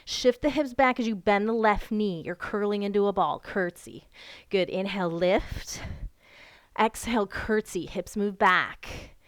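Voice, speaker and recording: A woman's voice: medium pitch, unhurried, clear, resonant tone. A woman leading a home yoga workout, giving encouraging cues and counting reps aloud while exercising and breathing hard. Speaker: yoga instructor. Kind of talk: guided workout instruction. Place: home room.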